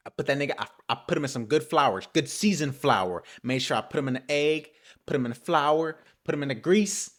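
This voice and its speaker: Animated young man talking football trash. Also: fairly high pitch, brisk. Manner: animated trash talk with frequent cursing. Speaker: host. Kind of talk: solo sports talk show.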